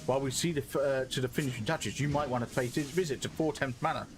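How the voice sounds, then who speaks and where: A man reading the part of a brisk, cheerful male engineer, upbeat and quick to report news. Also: mid-range voice, over music, lightly acted. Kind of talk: reading game dialogue aloud.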